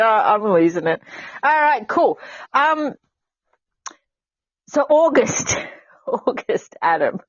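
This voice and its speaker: A woman's voice: a little high, big pitch swings, takes it slowly, pauses often, no room sound. Aussie woman hosting, giggly and talkative, dry close sound, bit dull. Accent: Australian. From Australia. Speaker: host. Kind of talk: casual chat.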